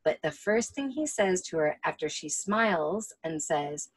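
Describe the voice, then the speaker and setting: A woman co-hosting a casual film chat, animated and profane, often acting out lines. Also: fairly low pitch, a little slow, slightly rough. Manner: animated and profane, acts out quotes. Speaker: podcast co-host.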